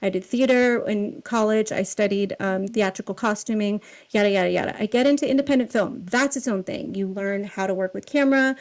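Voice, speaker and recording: A woman guest on a podcast, a film costumer, telling casual stories with an animated, self-deprecating manner and frequent laughter. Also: mid-range voice, a little fast, poor audio.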